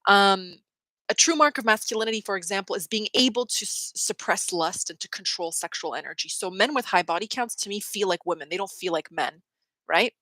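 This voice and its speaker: A young adult woman hosting a casual spiritual talk, opinionated and quick to quote people in mocking voices. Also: medium pitch, bright, forceful tone, dry recording, poor audio. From Canada. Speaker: host.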